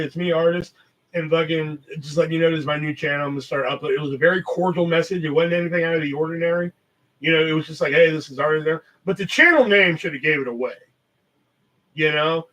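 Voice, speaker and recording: A man's voice: a little high, fairly bright tone, recorded from a distance, rough recording. Rambling, profane man, off-mic. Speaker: podcast host. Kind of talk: casual live-stream chat.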